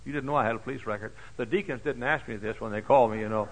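An older man preaching a folksy sermon. He tells stories dramatically, moving from hushed asides to high, shouted exclamations. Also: racing, poor audio. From Dallas, Texas. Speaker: pastor. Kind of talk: sermon with personal storytelling. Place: church.

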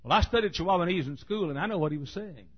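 A man preaching a sermon, telling a folksy story and building to emphatic, forceful points. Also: high voice, lively intonation, very fast, husky, muffled recording.

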